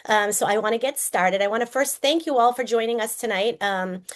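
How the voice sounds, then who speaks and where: A woman's voice: on the high side, fairly quick. A middle-aged woman with a slight cold hosting a group call, chatty and speaking straight to her listeners. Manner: chatty, addresses the audience directly. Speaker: host of a recruiting call. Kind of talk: upbeat presentation on a group call.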